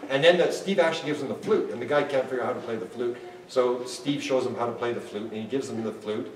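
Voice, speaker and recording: A man in his sixties telling a story as an interview guest, excitable, with many restarts and bits of laughter. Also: medium pitch, fast talker. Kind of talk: animated anecdotal storytelling. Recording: roomy and distant, faint ambience.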